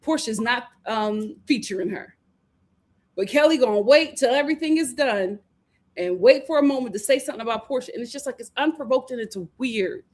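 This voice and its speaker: A woman hosting a live reality TV review in casual chat, animated, laughing and acting out what the cast said. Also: on the high side, a little fast. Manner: animated, acts out cast members' lines, laughs often. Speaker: reality TV recap host.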